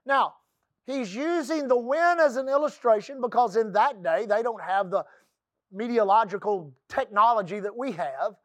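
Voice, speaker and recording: High-voiced Texas preacher, folksy sermon. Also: male voice, moderate pace, dry recording. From Texas coast. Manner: folksy, calls for amens, drops to soft low voice for quotes. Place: church.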